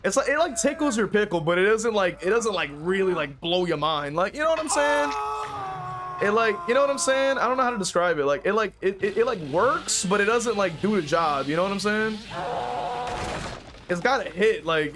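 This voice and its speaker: A man's voice: high voice, animated, a little fast, background noise. A man giving casual, profane commentary while playing a game, rambling with fillers and getting frustrated. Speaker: streamer playing a killer.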